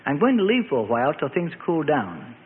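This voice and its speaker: A man voicing an eager, hunted apostle speaking low and urgently. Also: wildly swooping pitch, a little fast. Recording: phone-like band with long reverb and faint noise.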